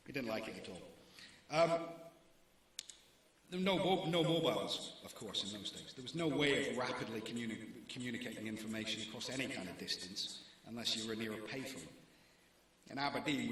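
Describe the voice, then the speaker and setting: A newspaper editor in his forties gives a talk to students, wry and gently self-mocking. His voice is low with a bright, forceful edge. It echoes heavily around a large hall with a faint hiss. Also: a little fast.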